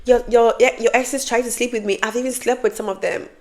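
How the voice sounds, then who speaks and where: A woman's voice: fairly high pitch, steady tone, quick pace, a little mellow, close to an everyday voice. A woman playing an accusing younger sister.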